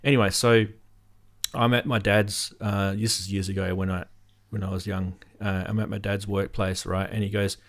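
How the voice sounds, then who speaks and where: A man's voice: lowish voice, little pitch movement, normal speed. A man with an Australian accent, hosting a casual video-call chat and telling a funny story with lots of laughs. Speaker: host.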